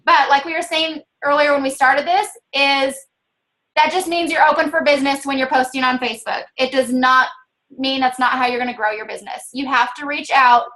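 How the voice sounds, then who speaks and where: A woman with a Southern US accent co-hosting a casual chat, earnestly coaching others on how to pitch a business. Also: fairly even intonation, fairly quick, bright, forceful tone, low-quality recording. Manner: earnest, coaching, many fillers. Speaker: network marketing co-host.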